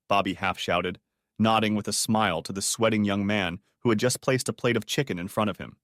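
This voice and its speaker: A man narrating a story audiobook in a steady, even storytelling manner. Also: fairly low pitch, brisk, no room sound, studio quality.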